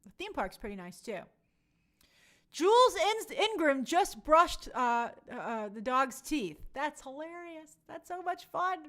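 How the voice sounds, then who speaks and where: A woman's voice: sits high, very animated, a little slow, pushed and bright. A woman hosting a casual live stream, reading viewer comments aloud and reacting in an upbeat, chatty way. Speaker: livestream host reading chat.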